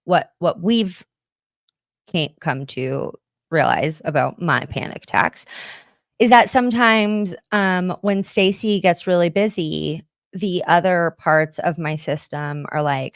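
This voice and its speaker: American woman host, lowish voice, dry close sound, confessional and chatty with casual swearing. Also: takes it slowly, dry recording. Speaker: podcast host. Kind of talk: candid livestream chat with viewers.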